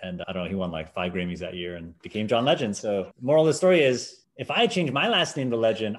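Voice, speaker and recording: Speaking quickly, a podcast guest in his forties tells casual stories, animatedly acting out other people's voices with sudden, big jumps up in pitch. It comes across as a relaxed conversation with the host.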